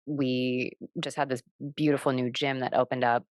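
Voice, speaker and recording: Low-voiced woman podcast host. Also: flat delivery, moderate pace, darkish tone, no echo. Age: 30s. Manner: reflective, explains with personal stories. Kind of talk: casual conversation.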